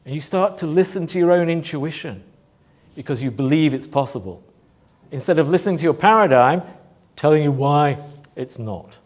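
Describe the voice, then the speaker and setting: A man giving a motivational talk to a live audience, asking rhetorical questions and pausing for emphasis. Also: a little high, lively intonation. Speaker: motivational speaker.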